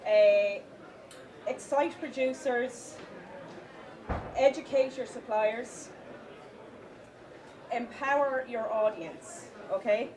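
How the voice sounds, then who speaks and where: A woman giving a live conference talk, with many fillers and restarts, stressing the points of a list slowly. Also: on the high side, crowd noise. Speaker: conference speaker. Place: conference hall with audience. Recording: distant mic, audience in hall.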